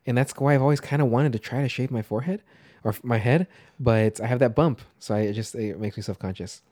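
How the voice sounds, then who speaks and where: A man co-hosting a casual movie podcast rambles on, swearing freely, trailing off and restarting. His voice is medium-pitched, quick and a little mellow.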